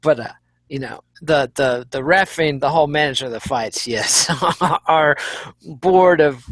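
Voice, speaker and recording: A man co-hosting a casual post-fight chat, measured and wry, running through results with dry humor. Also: fairly high pitch, dry recording. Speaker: co-host.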